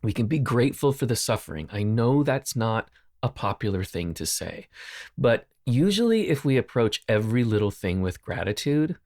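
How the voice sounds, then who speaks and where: An earnest man talks through his thoughts on a solo podcast, taking his time and circling back to repeat key phrases. His voice sits at an ordinary middle pitch. The sound is dry and close, with no room echo. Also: big pitch swings, moderate pace, a little mellow. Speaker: podcast host. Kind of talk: reflective solo podcast talk. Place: lives in Nashville.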